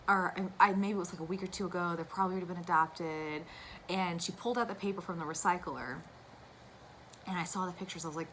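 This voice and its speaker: A woman's voice: on the low side, steady tone, fast, a bit bright, a little hiss or hum, low-quality recording. A young woman chatting casually to camera about her cross-stitch, gushing and wandering into asides. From United States.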